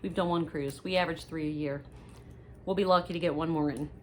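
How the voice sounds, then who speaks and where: A middle-aged woman chatting casually to viewers in a haul video, rambling and gossipy with lively asides. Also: sits low, fairly quick, slight background noise. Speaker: haul vlogger.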